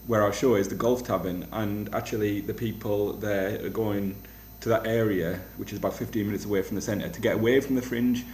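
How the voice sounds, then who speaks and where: Young man, low-pitched, self-deprecating stand-up rambling in an echoey flat; casual vlog delivery. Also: a little hiss or hum. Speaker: comedian vlogger. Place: rented flat. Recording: echoey room.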